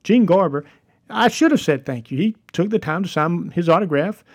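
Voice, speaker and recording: A man's voice: high-pitched, animated, moderate pace, husky. A man, hosting a devotional podcast and telling a story in an earnest, encouraging way. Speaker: podcast host.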